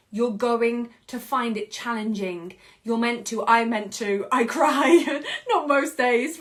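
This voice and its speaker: A British woman in her thirties hosting a podcast, speaking in an expressive reflective monologue and often laughing. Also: high-pitched. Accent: British English. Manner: expressive, acts out quoted voices, laughs often. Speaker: podcast host.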